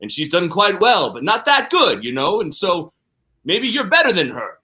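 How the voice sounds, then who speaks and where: A man's voice: sits high, huge pitch swings, moderate pace, pushed and bright, full character voice. A man voicing an old male rat sensei in an improvised comedy story, boastful and rambling, later self-pitying. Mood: mopey.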